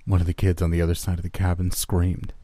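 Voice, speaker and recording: Man, very deep voice, dark warm tone, grim horror narration, dry sound. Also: completely flat delivery, fast, no echo. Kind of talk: first-person horror narration.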